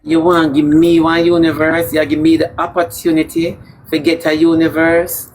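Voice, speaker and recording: A man with a Jamaican accent in a camp, sharp-tongued live chat, drawing out words slowly for comic effect. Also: fairly high pitch, monotone, a little hiss or hum. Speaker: livestream personality. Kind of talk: sassy comedic live chat.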